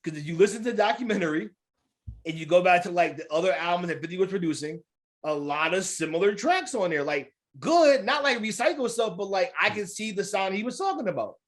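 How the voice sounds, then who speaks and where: A man co-hosting a podcast in casual chat, an animated storyteller who laughs and acts out the people he quotes, with speech. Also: high-pitched, fairly quick. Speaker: podcast co-host.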